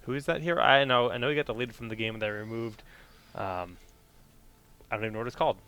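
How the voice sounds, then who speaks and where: A man's voice: medium pitch, fast, sharp tone, smooth. A man casting an esports match, chatting casually between games, plugging his shows and joking with his co-caster. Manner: chatty, plugs shows, jokes around. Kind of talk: casual pre-game commentary banter.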